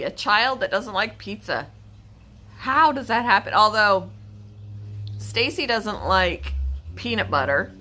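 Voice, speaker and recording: A woman's voice: mid-range voice, lively intonation, slow, pauses often, pushed and bright. A woman hosting a pet channel, chatting casually on a livestream in a rambling way, often stopping to correct herself.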